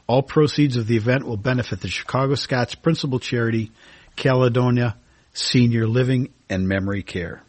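A man's voice: medium pitch, normal speed, a little mellow. A man hosting a radio talk show, reading long ornate introductions and chatting with enthusiasm.

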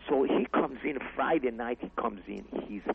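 A man's voice: medium pitch, moderate pace, creaky, slightly rough. Non-native English-speaking man on phone line. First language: not English. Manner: animated storyteller, acts out voices, broken English. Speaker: comedy club owner, guest. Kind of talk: storytelling in interview.

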